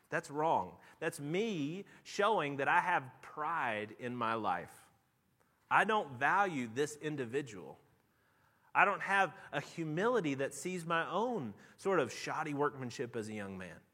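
Animated, bright-voiced male preacher. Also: mid-range voice, in a large hall. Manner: lively storytelling with animated rising outbursts. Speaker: pastor. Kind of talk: sermon.

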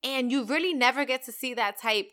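Bright, fast-talking woman podcast host. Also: high-pitched. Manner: animated, slangy and profane, talks fast. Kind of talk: casual solo podcast rant.

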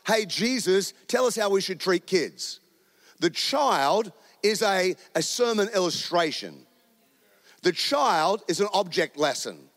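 The sermon comes from a New Zealand pastor in a church auditorium, spoken into a handheld microphone with an easygoing, joking manner. His voice sits high with a bit of brightness, and the space sounds like a large hall.

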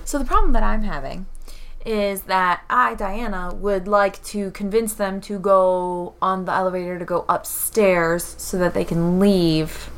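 A woman's voice: medium pitch, fairly even intonation, a little slow, clean tone. A woman playing a character in a tabletop role-playing game, talking bluntly and with determination. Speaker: player.

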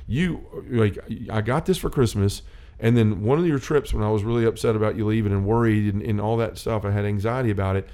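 Speaking fairly quickly in a low, mellow voice, a middle-aged man leads a faith-based chat. He tells a personal story earnestly and rambles, restarting many times and quoting what people said.

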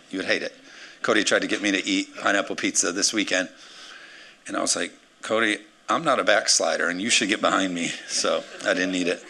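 A man, the pastor, preaching a lively sermon to his congregation, with playful acted asides. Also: on the low side.

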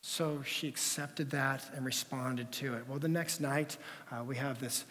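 A man preaching a sermon as pastor, telling stories in an animated way that swings between loud passages and hushed ones. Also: medium pitch, unhurried. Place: church sanctuary. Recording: long reverb of a church hall.

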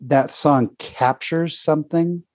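A man's voice: fairly high pitch, slow, a little hiss or hum. Earnest rambling male podcast host. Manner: heartfelt, rambling, restarts often. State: near tears. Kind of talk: casual faith conversation.

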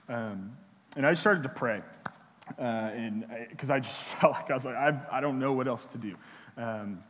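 A young male pastor from Houston gives a sermon in a halting, earnest way, full of "um"s and restarts. His mid-pitched voice rings out with a long hall reverb, and the recording sounds dull and muffled. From Houston, Texas. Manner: halting, many fillers and restarts.

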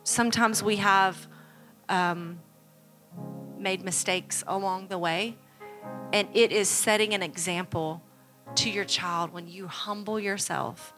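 A woman's voice: medium pitch, fairly even intonation, slow, long pauses, a bit bright, faint music behind. A woman pastor preaching a sermon at a church service, making earnest, repeated appeals to the congregation. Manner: earnest, repetitive exhortation.

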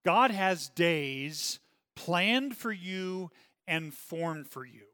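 A man's voice: high-pitched, lively intonation, drawn-out words, pushed and bright, in a large hall. A man leading a Bible study as pastor, earnest and often checking in with "okay?".

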